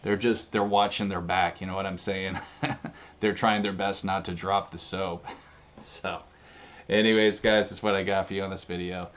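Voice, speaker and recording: A man's voice: sits low, level tone, normal speed, fairly bright tone, highs cut off. A brash man ranting casually in his video, swearing and laughing as he talks. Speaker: online streamer.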